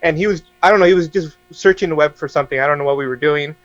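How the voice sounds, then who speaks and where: A young man telling a story casually as a podcast guest, animated and laughing often as he acts out quoted dialogue. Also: on the high side, rapid-fire, no room sound, dull audio.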